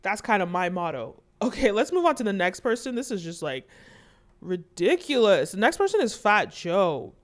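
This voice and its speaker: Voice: mid-range voice, very animated, fairly quick, few pauses, fairly bright tone. A host giving casual, conversational commentary, with fillers and asides.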